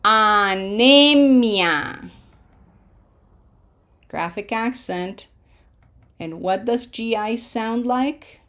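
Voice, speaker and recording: A woman teaching pronunciation in a slow lesson, drawing out each syllable and often checking in with "okay?". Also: on the high side, darkish tone. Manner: drawn-out syllable-by-syllable modeling of words.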